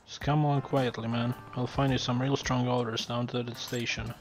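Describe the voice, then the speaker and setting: A man's voice: mid-range voice, flat delivery, moderate pace, faint music behind, lightly acted. A man voicing a blunt young male private detective in a dry, matter-of-fact way, reading game dialogue aloud.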